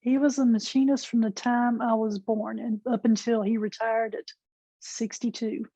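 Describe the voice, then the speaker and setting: A woman's voice: a little high, flat delivery, moderate pace, mellow. A woman client at a reading, giving brief, matter-of-fact answers. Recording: dull dry audio.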